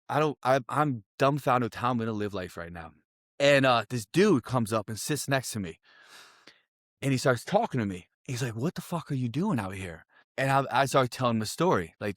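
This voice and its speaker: A young man from Connecticut telling a wild story on a podcast, animated and profane, full of "I'm like" and "right?". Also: medium pitch, no echo, clean studio sound. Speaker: podcast guest. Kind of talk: casual storytelling.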